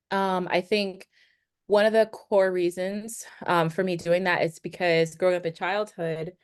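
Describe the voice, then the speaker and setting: A woman sharing in a group discussion, polite and measured. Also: fairly low pitch, steady tone. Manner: polite, measured, opens with a greeting. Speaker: discussion participant.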